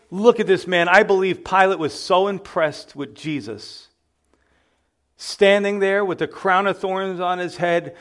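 A male pastor preaching a sermon, building to loud emphatic exclamations. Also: high voice.

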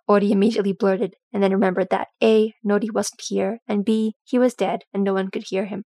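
A woman reading a fantasy chapter aloud in a steady, measured storybook narration. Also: medium pitch, dry recording. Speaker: audiobook reader. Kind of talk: storybook narration of fan fiction.

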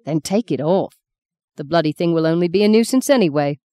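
A woman's voice: lowish voice, expressive, a little fast, dark tone, no room sound, studio quality, lightly acted. A woman voicing a blunt, impatient young husband in a spoken novel, curt and commanding. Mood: brusque.

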